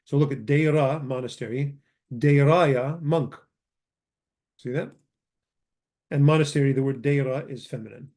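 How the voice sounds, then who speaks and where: Guy teaching a language class, warm mellow voice, keeps correcting himself. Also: medium pitch, a little slow, long pauses. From Chaldean community. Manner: explains patiently, corrects himself often. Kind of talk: casual grammar lesson.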